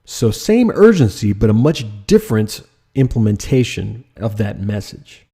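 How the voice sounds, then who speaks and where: Gravelly-voiced male design instructor. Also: on the low side, a little slow. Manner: lively and emphatic, rhetorical questions. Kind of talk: lecture over slides.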